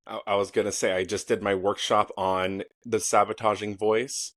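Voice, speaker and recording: Man, podcast host, lowish voice, dry close sound, rambling, hunts for words. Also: little pitch movement, normal speed, dry recording. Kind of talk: casual interview conversation.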